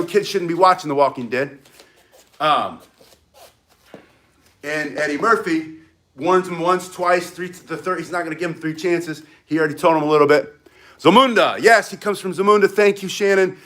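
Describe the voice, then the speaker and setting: Greeting viewers in the middle of his demonstration, a martial arts instructor rambles chattily while teaching walking stick self-defense on a live stream. His voice is fairly high-pitched and a bit bright.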